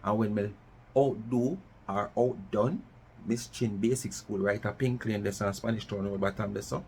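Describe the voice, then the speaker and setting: A man's voice: lowish voice, fairly even intonation, normal speed, darkish tone, a little hiss or hum. A middle-aged Jamaican man from West Kingston ranting in commentary, challenging listeners with repeated rhetorical questions and slipping into patois. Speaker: vlogger.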